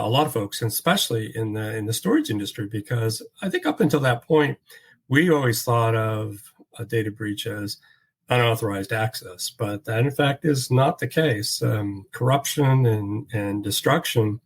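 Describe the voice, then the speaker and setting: Casting: low-pitched male expert, measured, halting delivery with many fillers, panel discussion. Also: poor audio. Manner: measured, frequent fillers and restarts. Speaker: standards expert.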